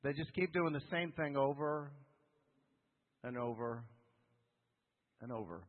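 A man preaching a sermon as a pastor, animated, often asking his listeners questions. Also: mid-range voice, a little slow. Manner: animated, asks the congregation questions. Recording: phone-like sound with long hall reverb.

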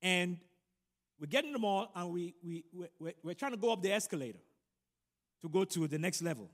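A middle-aged man preaching a sermon and telling a personal story, animated and building to loud emphatic peaks. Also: sits high, fairly quick. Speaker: pastor. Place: large church room. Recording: long hall reverb.

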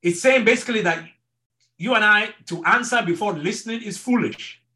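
A man's voice: high voice, moderate pace, bright, forceful tone. A middle-aged man teaching an online marriage class as a pastor, earnest and repeating his words to stress each point. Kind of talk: online sermon-style teaching.

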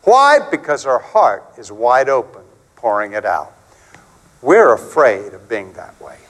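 A middle-aged man preaching a sermon in a conversational, animated way, acting out quotes and stories. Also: a little slow, rough recording. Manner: animated, conversational, acts out quotes with big pitch swings.

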